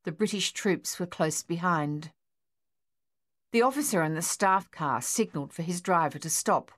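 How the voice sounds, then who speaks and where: Reading a novel aloud for an audiobook, a woman speaks in a calm, measured storytelling manner. It's scripted narration, delivered in a lowish voice.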